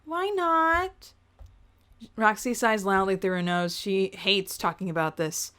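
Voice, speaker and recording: A woman reading a story aloud and reacting to it in a chatty, expressive way. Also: mid-range voice, normal speed, clear, resonant tone. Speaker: reader reacting to fan fiction.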